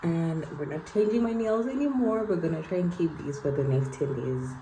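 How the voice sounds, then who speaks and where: A woman's voice: lowish voice, a little fast, poor audio. A young Zimbabwean woman chatting to camera in a casual vlog, venting in a chatty, self-mocking way. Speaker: vlogger. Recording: loud background noise.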